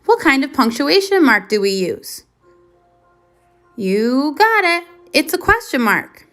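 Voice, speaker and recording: A woman's voice: sits high, pushed and bright. A woman teaching a first grade lesson on video, who asks the children questions, waits, and then confirms the answers patiently.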